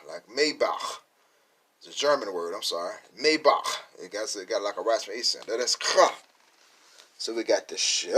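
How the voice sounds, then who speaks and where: A man teaching from scripture, speaking, who punches key words loudly and asks and answers his own questions. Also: fairly low pitch. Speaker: Bible teacher.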